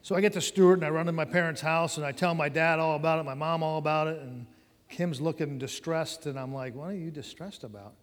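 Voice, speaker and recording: A man's voice: fairly high pitch, steady tone, fast. A middle-aged man telling his personal testimony in a conversational sermon, addressing his listeners directly. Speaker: preacher giving testimony. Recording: long hall reverb.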